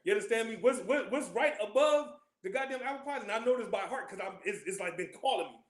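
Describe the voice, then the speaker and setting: Casting: high-voiced man, quick streetwise scripture class teacher, joking, echoey room. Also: expressive. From California. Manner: loose, joking, streetwise slang, constant check-ins with listeners. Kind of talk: casual scripture class talk.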